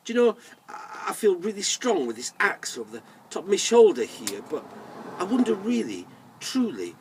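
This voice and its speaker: A storyteller playing a lazy young boy who eagerly shouts at the things he thinks are strong. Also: sits high, very animated, normal speed, a little hiss or hum, pitched above the performer's own voice. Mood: boastful calls.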